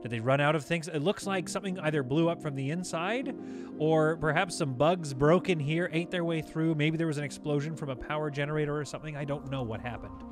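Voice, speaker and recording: A man giving chatty, excitable let's-play commentary while playing a space game, laughing often, with game music behind. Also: fairly high pitch, a little fast. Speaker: gaming YouTuber.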